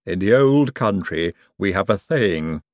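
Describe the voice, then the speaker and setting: Man voicing a solemn storybook servant, measured, deadpan, lively pitch. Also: no echo, clean studio sound. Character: solemn servant with odd folk sayings.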